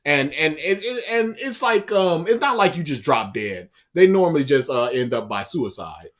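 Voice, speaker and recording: A man co-hosting a casual anime podcast, rambling with restarts and growing loud and laughing when he retells scenes. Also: on the high side, big pitch swings, normal speed. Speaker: podcast co-host. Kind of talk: casual chat.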